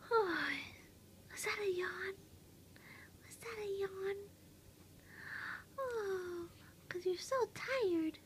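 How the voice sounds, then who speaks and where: A new mother cooing to her newborn at home in soft, often whispered baby talk. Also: very high voice, very slow, long pauses, a little hiss or hum.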